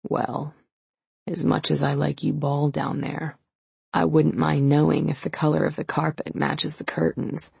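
A woman voicing a possessive, teasing young man in an audiobook, speaking low and intimately. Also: level tone, normal speed, gravelly, darkish tone, breathy edge, no echo, exaggerated voice.

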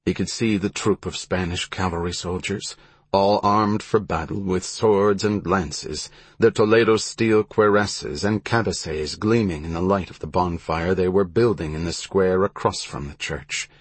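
A man reading a historical story aloud in measured, even scripted narration. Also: low-pitched, breathy edge, no echo.

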